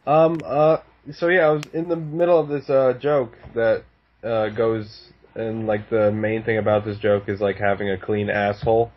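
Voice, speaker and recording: A man's voice: lowish voice, flat delivery, normal speed. A man telling a story in casual chat, swearing often and laughing. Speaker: podcast guest. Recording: dull lo-fi sound.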